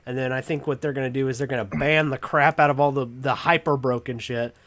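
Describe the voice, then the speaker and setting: A man with a Southern US accent hosting a casual chat, animated and rambling, quick to laugh. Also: mid-range voice. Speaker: host.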